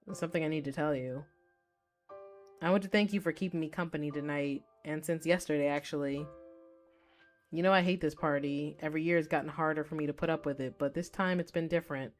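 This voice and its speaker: A woman voicing a fond young man at a party in a game, speaking softly and sincerely. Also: low voice, fairly even intonation, quick pace, soft background music, lightly acted. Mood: tender.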